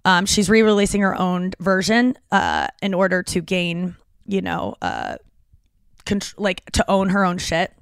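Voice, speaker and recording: A woman's voice: fairly low pitch, animated, measured pace, clear, resonant tone, dry recording. A woman in her thirties, a comedian hosting a podcast, telling a long rambling story, swearing freely and acting out quotes.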